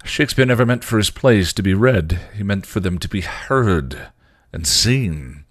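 A man voicing a dry, teasing, bookish vampire in a low gruff drawl while reading a story aloud. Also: expressive, a little slow, no echo.

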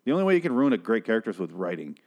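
A man casually recapping a TV episode, swearing freely and acting out characters' lines in quick put-on voices. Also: lowish voice, very animated, gravelly, highs cut off.

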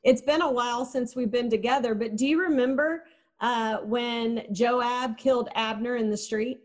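Woman preacher, slightly high voice, chatty and questioning, acts out quoted speech. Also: steady tone, moderate pace. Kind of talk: sermon.

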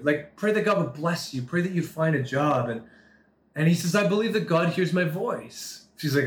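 A man's voice: a little high, expressive, normal speed. Earnest preaching man, roomy echo. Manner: earnest, retells dialogue with shifting emphasis. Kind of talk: sermon with storytelling. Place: Turkey.

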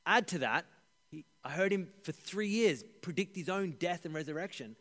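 A man voicing the apostle Peter, a grateful older fisherman, in quiet, earnest first-person testimony. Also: high voice, animated, moderate pace. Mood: earnest, reflective. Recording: echoey hall.

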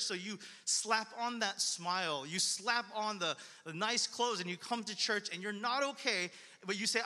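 A man's voice: high voice, moderate pace, bright, forceful tone, long reverb tail. A man preaching a sermon in an earnest, casual and conversational way, often repeating his main line. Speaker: pastor.

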